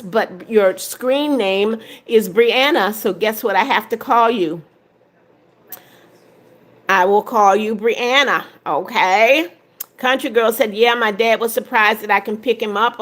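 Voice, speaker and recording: A woman in her seventies with a voice pitched a little high hosts a casual livestream. She reads viewers' comments aloud one after another and gives each a short, easygoing reply. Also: fairly bright tone. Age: 70s. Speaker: livestream host. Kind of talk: casual live-stream chat.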